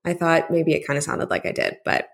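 A woman's voice: sits low, big pitch swings, a little fast, vocal fry. A woman from Texas, a registered dietitian, hosting her own podcast in a chatty, conversational way and often checking in with listeners. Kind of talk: casual solo podcast talk.

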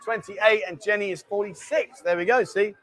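A man's voice: sits high, normal speed, fairly bright tone. A man, hosting a casual live stream and bantering as he reads out viewer comments. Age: 50s. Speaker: host.

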